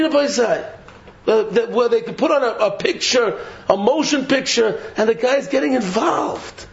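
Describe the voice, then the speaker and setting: A man giving a Torah sermon, animated and mocking, laughing through his points, throwing out rhetorical questions and repeating himself. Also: extremely high pitch, unhurried, vocal fry. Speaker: Torah teacher. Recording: dull lo-fi recording.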